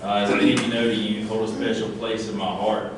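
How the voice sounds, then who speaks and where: A man presenting an award, sincere and a bit halting with fillers. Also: lowish voice, level tone. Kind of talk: prepared award speech. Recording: echoey hall, distant mic, room noise.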